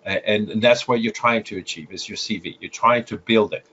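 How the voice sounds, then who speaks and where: A French-accented man, a guest photographer in an interview, gives advice and explains things with frequent filler sounds and restarts. His voice sits on the low side, bright and forceful, at a moderate pace. The lo-fi audio is slightly muffled, with a little hiss or hum.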